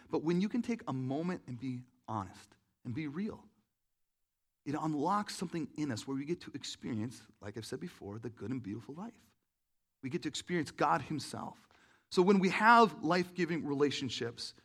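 A pastor gives a relaxed, conversational sermon and often turns to the audience with questions. His voice is a touch higher than most men's, and his talk is loose and filled with "like" and restarts. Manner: chatty, asks the audience questions, many fillers.

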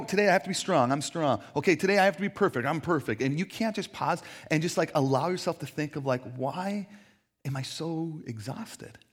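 A man's voice: mid-range voice, slightly rough. A man preaching a sermon as a pastor in a church, talking in a casual, conversational way with frequent fillers.

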